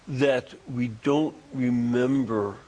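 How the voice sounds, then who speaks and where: An older man interviewing a guest, speaking slowly and haltingly with frequent restarts. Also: medium pitch, steady tone, a little mellow, rough recording. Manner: slow, halting, with many restarts. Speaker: interviewer, former teacher. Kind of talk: interview conversation.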